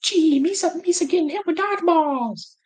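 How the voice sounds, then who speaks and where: A man voicing a goofy, childlike alien sidekick in a squeaky, much higher voice with broken baby-talk grammar. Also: animated, normal speed. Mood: silly.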